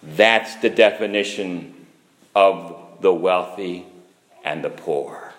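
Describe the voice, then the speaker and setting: A man preaching a sermon, slow and emphatic, with sudden rises and drops in pitch and loudness. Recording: echoey hall.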